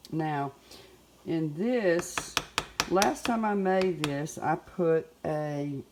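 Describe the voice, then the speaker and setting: A woman's voice: sits low, expressive, extremely slow, background noise. A middle-aged woman with a Southern US accent, chatting folksily in her home kitchen as she cooks. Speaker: home cook. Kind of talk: casual cooking demonstration.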